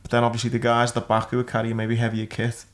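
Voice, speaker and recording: A male podcast host with a level, flat delivery who lays out events plainly for the audience. His pitch stays in the middle, and his tone holds steady throughout. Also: fast. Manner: explains plainly for listeners. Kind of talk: casual chat.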